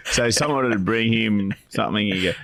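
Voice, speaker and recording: A man in his forties talks casually on a podcast, his voice low with a gravelly edge. He rambles, circling back and restarting his sentences. The sound is close and dry. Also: moderate pace, fairly bright tone, no room sound. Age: 40s. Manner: rambling, many restarts and fillers. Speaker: co-host, financial adviser.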